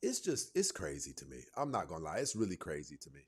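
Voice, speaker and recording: A man hosts a reaction video in a fairly low voice that swings widely up and down. He mocks his subject and keeps laughing at his own jokes. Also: huge pitch swings, quick pace, slightly rough. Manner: mocking, laughing, jokey asides. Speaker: commentary host. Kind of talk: reaction commentary.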